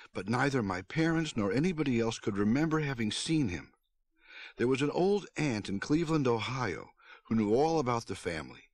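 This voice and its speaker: A man narrating a storybook aloud on his stream, with an expressive read-aloud delivery. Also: mid-range voice, husky, dry recording, clean studio sound. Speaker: streamer reading a book aloud.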